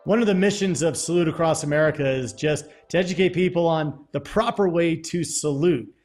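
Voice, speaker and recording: A man hosting an interview, talking in a relaxed, conversational way. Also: fairly high pitch, a little fast, faint music behind. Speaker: interview host. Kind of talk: casual interview.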